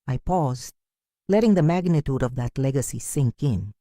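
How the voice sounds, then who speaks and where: A woman narrating a dramatic first-person story in a measured, emotional storytelling manner. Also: deep voice, sing-song, mellow, no echo.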